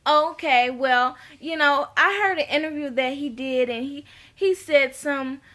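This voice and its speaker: Woman, high bright voice, unhurried, casual TV recap, blunt, swears, acts out quotes. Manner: chatty, acts out quoted dialogue, laughs often. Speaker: TV recap vlogger. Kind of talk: casual reality-show recap.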